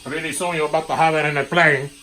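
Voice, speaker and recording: A man's voice: on the high side, steady tone, fast, bright, forceful tone, low-quality recording. A man hosting a playful cooking vlog in his home kitchen, riffing hyped wisecracks while he cooks. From Brooklyn, New York. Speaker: cooking show host.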